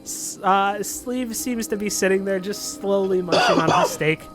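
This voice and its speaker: A man's voice: sits high, wildly swooping pitch, normal speed, music in the background. A man narrating a tabletop game as game master, rambling with lots of fillers.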